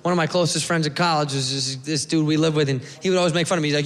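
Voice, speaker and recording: A young American man doing a crude, animated stand-up set on a club stage, swearing freely. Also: fairly high pitch, very fast. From United States. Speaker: stand-up comedian. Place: comedy club stage with a live audience. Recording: live club recording, long reverb, audience and room noise.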